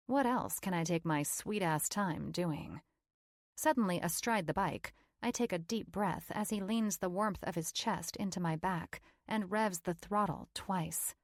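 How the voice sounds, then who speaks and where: A woman's voice: on the low side, no room sound, clean studio sound. A woman narrating a first-person romance audiobook in a wry, playful storytelling manner.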